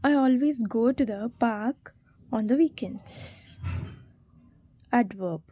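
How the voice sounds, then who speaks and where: A woman reads exam revision questions and their answers in an unhurried, steady delivery. Her voice sits a little high but sounds mellow and soft. She spells key words out letter by letter. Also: no echo. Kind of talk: reading quiz questions and answers.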